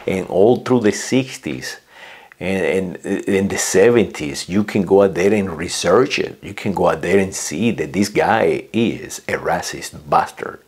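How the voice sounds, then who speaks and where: Slow low-voiced man ranting. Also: a little mellow, slightly rough. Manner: slow, hesitant, repeats words and says "uh" often; lectures with acted quotes. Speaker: vlogger. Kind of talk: political rant.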